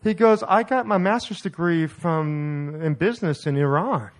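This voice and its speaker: A middle-aged male pastor delivers a sermon as a lively story. He laughs often and acts out each line of dialogue with animation. His voice sits a little high for a man. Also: measured pace.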